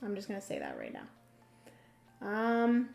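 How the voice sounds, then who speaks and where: A woman hosting a casual board game livestream, chatty and filling pauses with hums and ums. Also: medium pitch, wildly swooping pitch, gravelly, darkish tone, faint music behind.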